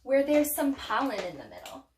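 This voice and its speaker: A woman teacher giving a playful, animated lesson to young children, with dramatic pauses. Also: sits high, a little hiss or hum. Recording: echoey room, mic far off.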